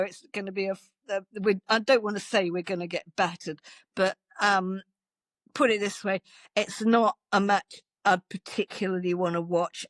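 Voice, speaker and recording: A woman's voice: on the low side, no echo, clean studio sound. An older woman with an English accent, chatting on a podcast, hesitant and wry, often repeating words. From England. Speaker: podcast co-host, journalist. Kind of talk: casual chat.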